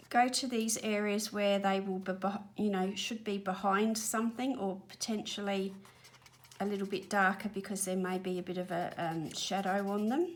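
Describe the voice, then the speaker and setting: An Australian woman chatting casually while colouring at home, a bit breathless and apologetic, rambling as she works. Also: medium pitch. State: slightly out of breath. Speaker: colouring channel host. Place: home spare room studio.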